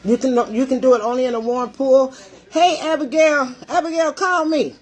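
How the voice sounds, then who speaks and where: A woman's voice: high voice, fairly even intonation, moderate pace. An older woman hosting a casual livestream, out of breath and greeting her viewers by name. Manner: chatty, greets commenters by name. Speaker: livestream cooking show host.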